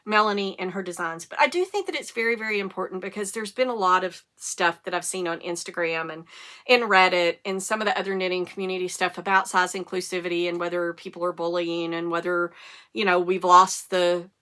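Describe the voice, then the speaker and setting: A middle-aged woman, hosting a casual knitting podcast and telling animated stories, with the occasional cough and hiccup. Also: lowish voice, brisk. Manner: chatty, animated storytelling with rising excitement. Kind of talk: casual chat.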